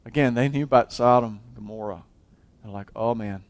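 A man with a medium pitch preaches briskly as a pastor, going from loud exhortation to hushed intensity. He restarts often and repeats what he's said.

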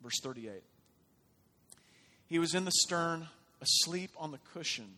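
A man preaching a sermon, shifting from quiet, conversational talk to loud, impassioned urging. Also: on the high side, animated, a little slow. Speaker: pastor. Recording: long reverb of a large hall.

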